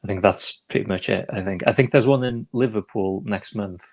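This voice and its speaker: A man with a somewhat low voice, chatting casually and softly, often stammering and restarting his sentences. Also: brisk. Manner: soft-spoken, stammering restarts. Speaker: guest co-host. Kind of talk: casual podcast chat.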